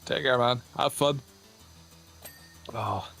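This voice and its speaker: A man's voice: medium pitch, takes it slowly, fairly bright tone, soft background music. A man chatting casually on a stream, laughing often and fumbling for words.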